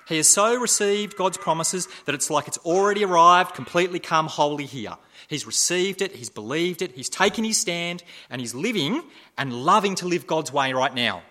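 A man preaching with a bright, forceful tone and a fairly high voice. He keeps repeating rhetorical questions and moves from loud emphasis to hushed, quiet asides. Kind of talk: sermon.

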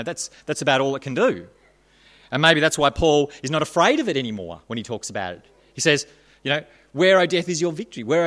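A man preaching a sermon in a conversational, animated way, with playful asides. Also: medium pitch.

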